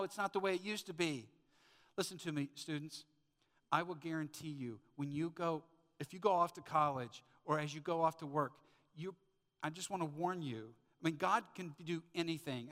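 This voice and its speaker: A man's voice: on the high side, a bit bright. A man pastor preaching a sermon in a church sanctuary, telling stories and firing off rhetorical questions with emphasis. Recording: long church hall reverb.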